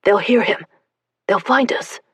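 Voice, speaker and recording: A woman voicing a devoted, protective husband speaking in a hushed, urgent way. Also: medium pitch, unhurried, slightly rough, no echo.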